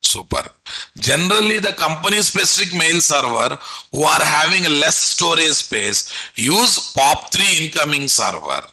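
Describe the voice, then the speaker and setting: Bright, punchy instructor. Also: male voice, fairly high pitch, big pitch swings, measured pace, breathy edge, low-quality recording. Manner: quizzes students with rhetorical "what?" questions; repetitive, coaxing teacherly delivery. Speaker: programming instructor. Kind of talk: live online lecture.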